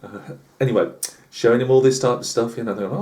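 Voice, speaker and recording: A man's voice: mid-range voice, fairly even intonation, quick pace, a little mellow. A British man telling a rambling comic tall tale on his channel, full of asides and fillers. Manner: chatty, lots of asides and fillers. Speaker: channel host.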